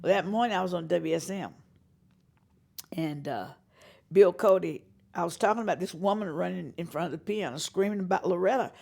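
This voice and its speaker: A woman from North Carolina, a singer-songwriter telling animated stories in an interview. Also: on the low side, fairly quick, vocal fry. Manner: animated storyteller who acts out the voices of people she quotes, laughing often. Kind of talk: storytelling interview.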